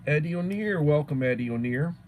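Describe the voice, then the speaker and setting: A man's voice: on the high side, expressive, fairly quick, a little mellow, a little hiss or hum, poor audio. A middle-aged man from Texas hosting a casual livestream chat, greeting viewers by name and repeating words as he thinks. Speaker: livestream host.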